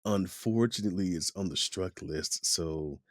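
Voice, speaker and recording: Speaking a little slowly in a low voice, the voice actor guest keeps the interview casual and animated, voicing the people he quotes. The recording has no room sound and is clean, studio-style.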